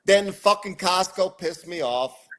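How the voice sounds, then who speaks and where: A middle-aged man telling a story in casual podcast chat, ranting and swearing a lot in an animated way. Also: high-pitched, a little slow. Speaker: podcast co-host.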